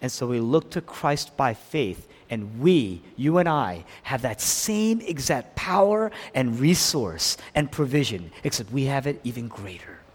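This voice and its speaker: A man preaching a sermon with passion, dropping to soft, tender lines and rising to loud, pressing ones. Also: medium pitch, animated, unhurried, few pauses, slightly rough. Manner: impassioned, swinging between soft and loud. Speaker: pastor. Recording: long hall reverb.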